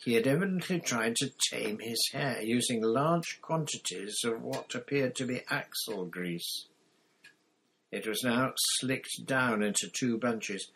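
A man reading a novel aloud in steady, measured scripted narration. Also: medium pitch, husky, poor audio. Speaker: audiobook reader.

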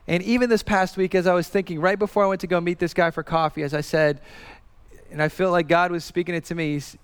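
In a reverberant hall, a pastor in his thirties preaches earnestly and conversationally, his speech full of casual fillers and restarts. His high-pitched voice is smooth and steady in tone, and he talks fast.

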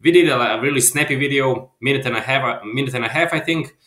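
Man from Croatia, filmmaker guest; hesitant casual chat, mid-pitch voice, reverberant room. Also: fast. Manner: hesitant, restarts often, trails off softly.

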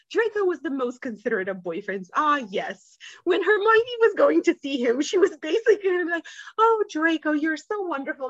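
A woman's voice: sits high, no echo, muffled recording. A woman co-hosting a podcast, gushing with enthusiasm as she retells a story in casual chat and laughs along the way. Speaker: podcast co-host.

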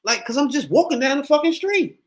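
A man hosting a casual podcast chat, animated, laughing often and acting out what people said. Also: extremely high pitch, brisk. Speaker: podcast host.

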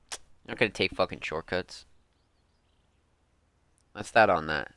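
Speaking unhurriedly in a low-pitched, smooth, slightly bright voice, a young music podcast host delivers a heated, casual rant. He swears a lot and keeps saying "like" and "bro"; the studio sound is clean, with no echo.

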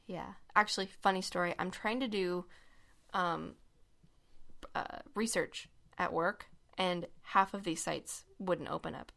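A woman's voice: on the low side, measured pace, gravelly, a bit bright. A young woman hosting a casual podcast chat, explaining a conspiracy story with lots of fillers and laughs. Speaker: podcast co-host.

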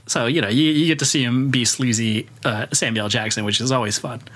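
A man casually discussing a film on a podcast, halting, with many fillers. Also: mid-range voice. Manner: filler-heavy, halting, with animated quoted voices. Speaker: podcast co-host.

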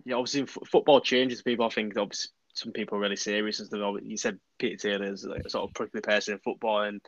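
Fast flat-voiced male podcast host. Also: lowish voice, no room sound. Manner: hurried, hedging with "like" and "and stuff". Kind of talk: casual podcast interview. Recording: dull lo-fi mic.

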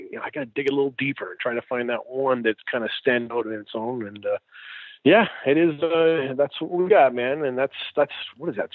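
A man's voice: mid-range voice, no room sound. A man, a musician guest, talking enthusiastically and gratefully in a casual interview, often saying "man". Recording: tinny phone line, dry.

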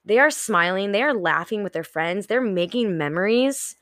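A woman's voice: medium pitch, lively intonation, normal speed, a bit bright, no room sound, clean studio sound. A young woman hosting a solo podcast, talking frankly and casually, swearing freely and acting out her own inner voice. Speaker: podcast host.

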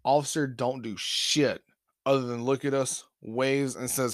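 A young man from Alabama, hosting a podcast and telling a profanity-laced story in a loose, animated way. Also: medium pitch, unhurried, no room sound, studio quality. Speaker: podcast host. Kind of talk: casual storytelling.

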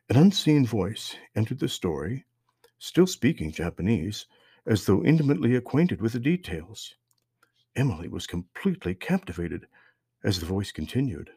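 Low, husky male storyteller. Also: darkish tone, no room sound, studio quality. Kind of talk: storybook narration.

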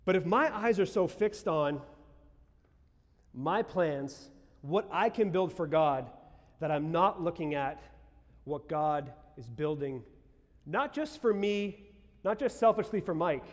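High-voiced preacher in a reverberant hall. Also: male voice, lively intonation, slow, long pauses. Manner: exclamatory, conversational preaching with sudden shouts. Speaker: pastor. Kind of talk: sermon. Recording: long reverb of a large hall.

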